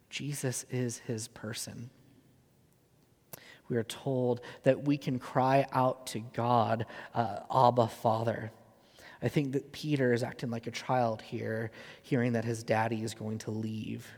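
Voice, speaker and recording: A man's voice: medium pitch, gravelly, darkish tone. A man in his thirties preaching a sermon as a pastor, earnest and conversational with frequent fillers. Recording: long reverb of a large hall.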